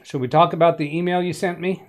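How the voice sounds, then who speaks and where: A man's voice: fairly high pitch, flat delivery, fast. A man hosting a casual tech-help live stream from a home studio, chatty, greeting viewers by name and making light puns. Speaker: livestream tech help host.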